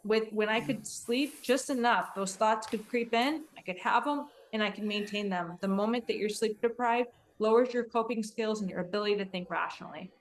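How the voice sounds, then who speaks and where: A woman's voice: medium pitch, normal speed, hardly any pauses. A woman hosting an interview, speaking earnestly and reflectively from her own experience. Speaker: podcast host.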